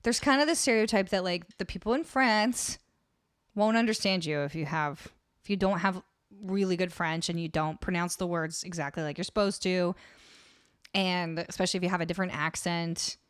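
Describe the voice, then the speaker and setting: A woman's voice: on the low side, normal speed, clean tone, no room sound, clean studio sound. A young Canadian woman hosting a music livestream, chatting casually with viewers, often laughing and trailing off mid-sentence. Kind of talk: casual chat with live chat.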